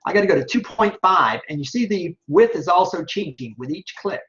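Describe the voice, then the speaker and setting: Guy teaching a software tutorial, kinda high bright voice, muffled lo-fi recording. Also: expressive, fairly quick. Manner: step-by-step, checks in with "okay?" and "right?". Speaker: online instructor. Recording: dull lo-fi screen recording.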